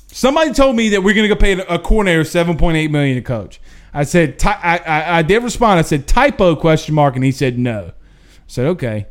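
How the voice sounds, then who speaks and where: A male sports talk show host, chatting casually on a live stream and reading out viewer questions in a drawling, folksy way. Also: high voice. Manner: animated, drawling, folksy asides.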